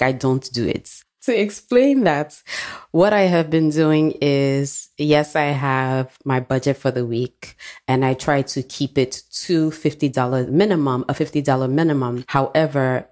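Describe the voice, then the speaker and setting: A woman's voice: rumbling low, darkish tone. A young adult woman hosting her own podcast, giving a candid, chatty personal update that wanders off on side tracks. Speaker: podcast host.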